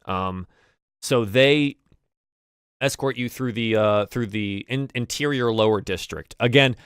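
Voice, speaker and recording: A man narrating a tabletop game as game master, pausing often to find his words. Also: medium pitch, a bit bright, smooth, dry recording, studio quality. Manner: halting, searching for words.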